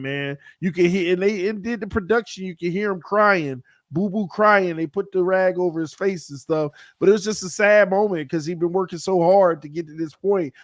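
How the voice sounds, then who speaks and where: Chill dude rambling about football on a podcast, kinda high voice, dry sound. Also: male voice, fairly bright tone, dry recording. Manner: laid-back, rambling, drawls "man" at line ends. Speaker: podcast co-host. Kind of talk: casual sports chat.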